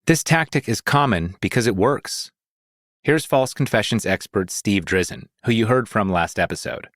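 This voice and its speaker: A man narrating a scripted podcast in a steady, deliberate way. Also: fairly low pitch, no room sound, studio quality. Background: music.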